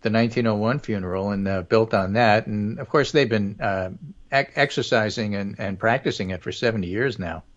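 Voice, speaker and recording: A man's voice: fairly low pitch, brisk, muffled recording. A man co-hosting a talk podcast, speaking in a dry, wandering way with many fillers. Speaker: podcast co-host. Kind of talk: casual talk show chat.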